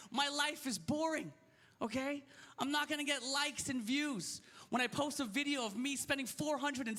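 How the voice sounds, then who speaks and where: A man in his thirties doing a stand-up set, ranting in an animated and incredulous way into a handheld stage mic. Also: very high voice. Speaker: stand-up comedian. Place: comedy stage.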